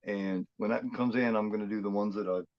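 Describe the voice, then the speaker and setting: A man with a lowish voice talks loosely through a movie watchalong, circling back with fillers and false starts. The sound is dull and lo-fi, like an online call. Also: steady tone. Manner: rambling, halting, with many fillers and restarts. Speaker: guest co-host. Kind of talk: casual movie watchalong commentary.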